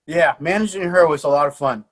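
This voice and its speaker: A man talking as a podcast guest, a martial arts coach telling lively anecdotes in casual conversation. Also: on the high side, a little fast. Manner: animated storyteller.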